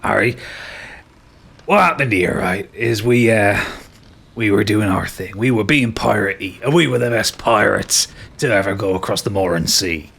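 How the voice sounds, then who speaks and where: A man's voice: on the low side, moderate pace, vocal fry, fairly bright tone, slightly rough, full character voice. A man voicing a boastful, nostalgic pirate captain in a tabletop game, with a stagey pirate drawl that keeps slipping out of its accent.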